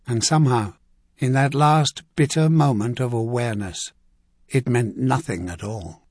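A man reading a fantasy audiobook as narrator, in steady scripted narration. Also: medium pitch, unhurried, husky, no room sound, clean studio sound.

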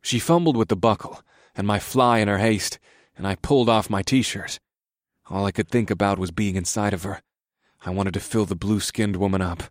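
A man narrating an erotic story in the first person, in a steady, subdued reading voice. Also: fairly low pitch, normal speed, no echo, studio quality.

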